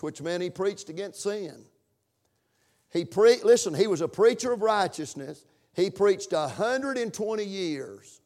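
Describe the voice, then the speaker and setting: A man preaching in church with a somewhat high voice. He builds to loud, emphatic lines, then drops to quiet asides to the congregation. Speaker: pastor. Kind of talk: sermon.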